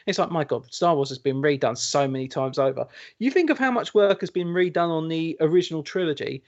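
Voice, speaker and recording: A man's voice: a little high, big pitch swings, a little fast, muffled recording. A man co-hosting a casual podcast chat, explaining at length with many fillers. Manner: rambling, explaining with filler words. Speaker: podcast co-host.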